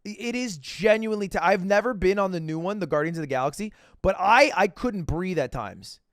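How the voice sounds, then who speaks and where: Animated young man telling a story. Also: brisk, no echo, studio quality. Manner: animated, acts out quoted voices in high pitch. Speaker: streamer. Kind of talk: casual storytelling to chat. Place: home streaming room.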